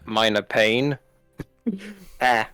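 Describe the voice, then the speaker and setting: A man joking around as a player in a tabletop role-playing game, relaxed and teasing. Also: on the low side, extremely slow, clean tone, dry recording, soft background music. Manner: laid-back, joking. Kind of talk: casual chat at a tabletop game.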